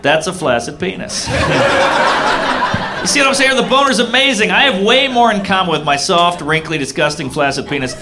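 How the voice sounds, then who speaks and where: A man's voice: sits high, big pitch swings, normal speed. A male stand-up comedian doing playful, confessional bits on a club stage. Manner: playful, confessional, punchy setups. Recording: live club, loud crowd and noise.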